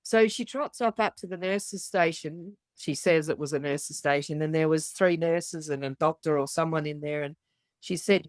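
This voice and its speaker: Middle-aged aussie woman, lowish voice, dry close sound, blunt storyteller who swears and does everyone's voices. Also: moderate pace, no room sound. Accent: Australian. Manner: blunt, swears freely, acts out the voices of others. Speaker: podcast guest. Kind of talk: candid storytelling.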